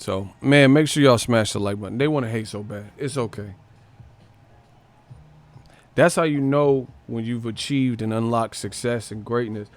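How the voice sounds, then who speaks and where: A man's voice: medium pitch, moderate pace. A man hosting a boxing live stream, joking and swearing casually and mimicking other people's voices.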